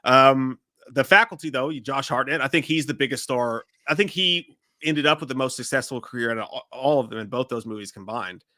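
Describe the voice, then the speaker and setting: A man's voice: mid-range voice, a little fast, pushed and bright, dry recording, clean studio sound. A man hosting a live-stream show, talking in loose, profane banter. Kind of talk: casual live-stream chat.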